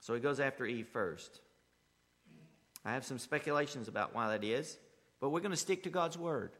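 A male pastor preaching with a lively, swooping delivery and a bright, forceful tone. He pushes key lines up hard, then drops into hushed asides. The sound rings with a long reverb, as if heard in a large church hall. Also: mid-range voice, normal speed. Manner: emphatic preaching that swings between loud, rising bursts and quiet asides. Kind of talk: sermon.

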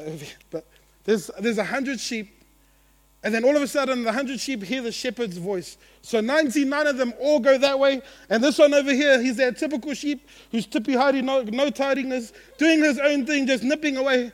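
Preacher: a man with a high voice, animated, playful sermon delivery that swings between loud and soft. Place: church gathering.

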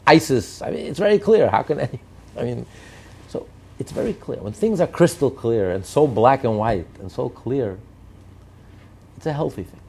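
A man's voice: medium pitch, animated, normal speed, vocal fry, mellow, slight background noise. A man giving impassioned commentary on politics and morality, driving his points home with repeated rhetorical lists. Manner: emphatic, repetitive rhetorical lists.

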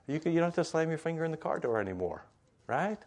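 Man playing a cheerful, emphatic teacher voice, loud and encouraging. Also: on the high side, sing-song, quick pace, pitched above the performer's own voice. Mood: jubilant. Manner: upbeat, emphatic.

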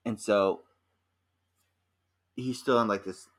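A young man in casual podcast chat, telling a rambling, animated story full of fillers. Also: lowish voice, takes it slowly. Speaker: podcast co-host.

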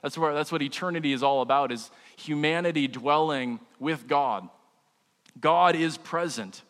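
A man's voice: a little high, moderate pace, fairly bright tone, in a large hall. A man, a pastor, preaching a sermon in a casual, humorous way with frequent restarts.

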